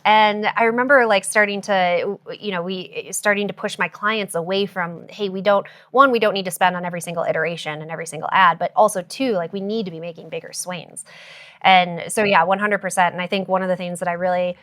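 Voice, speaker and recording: A woman guest on a podcast, explaining ad and growth strategy in a brisk, jargon-heavy way with frequent fillers. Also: on the low side, steady tone, fairly bright tone. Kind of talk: casual podcast interview.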